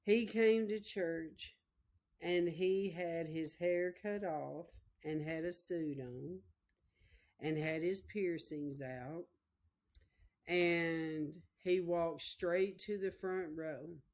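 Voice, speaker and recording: A woman's voice: lowish voice, steady tone, extremely slow, a little mellow. A middle-aged woman preaching a sermon, telling a personal testimony in an emotional, repetitive way and speaking straight to her listeners. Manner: emotional, repetitive storytelling, addresses listeners directly.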